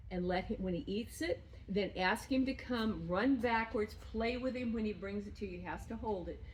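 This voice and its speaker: A woman dog trainer talks a student through footwork drills at a middle pitch. She steps in now and then to play with the dog, her voice climbing into high, excited praise. Faint background noise runs under the recording. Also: rough recording. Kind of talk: remote training lesson.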